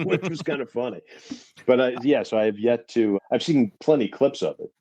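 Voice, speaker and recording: A man's voice: mid-range voice, normal speed, warm tone, husky, no echo, highs cut off. A man chatting casually on a podcast, thoughtful and a little rambling. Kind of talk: casual chat.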